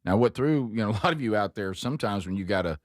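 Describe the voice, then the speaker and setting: A man's voice: fairly low pitch, lively intonation, fast, dry recording, clean studio sound. A man hosting a show, telling a long, rambling, self-mocking story with many restarts. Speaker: host. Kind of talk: casual chat, storytelling.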